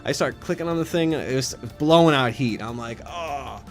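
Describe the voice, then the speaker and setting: A man's voice: mid-range voice, normal speed, soft background music. A man telling a rambling, crude personal story in a loose comedic manner with frequent swearing. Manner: breaks into laughter while telling a story, swearing.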